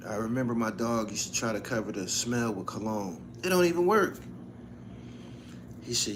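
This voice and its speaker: A channel host runs a casual livestream, chatting profanely and laughing a lot as he tells stories. His voice is fairly low and moderately paced, with a noisy background.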